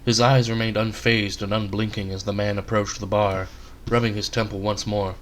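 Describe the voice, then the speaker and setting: Low-voiced man narrating his story. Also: flat delivery, normal speed, slight background noise. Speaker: author reading his own story.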